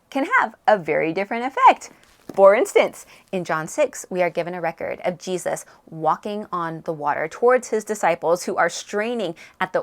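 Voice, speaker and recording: Animated woman reviewing books. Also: medium pitch. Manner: animated, emphatic, conversational. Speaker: book reviewer and Bible teacher. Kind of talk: book review vlog with scripture reflection.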